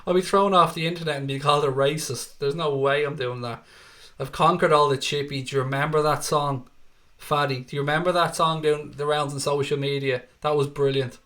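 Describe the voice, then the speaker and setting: An Irish man with a Dublin accent runs a live football watchalong. His voice sits a little higher than most men's. He chats loosely, swears often and reads viewer messages between quick updates on the game. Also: fairly even intonation, sharp tone. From Ireland. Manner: chatty, swears freely, reads viewer comments aloud. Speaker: livestream host. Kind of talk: live match watchalong commentary and chat.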